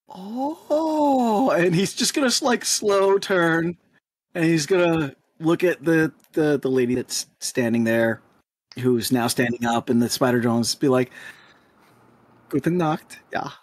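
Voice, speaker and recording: A man playing in a tabletop game, talking in an animated, rambling way full of fillers. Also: fairly high pitch, moderate pace, no room sound. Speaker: player.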